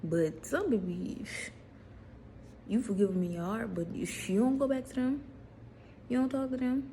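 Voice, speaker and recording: A woman, casually preaching to viewers in a vlog, animated, repeating herself and putting questions to the audience. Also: a little high, moderate pace, slight background noise. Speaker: faith vlogger.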